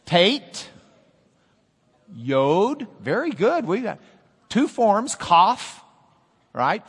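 A man teaching a class, playful and animated, drilling the students and cracking jokes. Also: high voice, long reverb tail.

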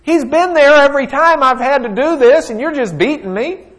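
A man voicing an indignant talking donkey who complains loudly in a high, strained voice. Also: normal speed. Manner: exasperated, loud high squawk. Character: indignant talking male donkey, fed up with his master.

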